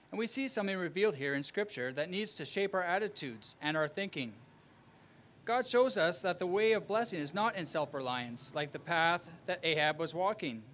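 A man preaching a sermon as pastor, with earnest, emphatic delivery and measured phrasing. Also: sits high, fairly bright tone.

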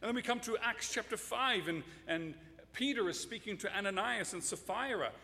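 A man's voice: high-pitched, moderate pace, pushed and bright, in a large hall. A man preaching a sermon, emphatic and direct, sometimes addressing children in the audience.

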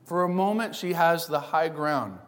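A man's voice: on the high side, normal speed, fairly bright tone, big-room sound. A male pastor delivering a sermon with emphatic, repeated contrasts.

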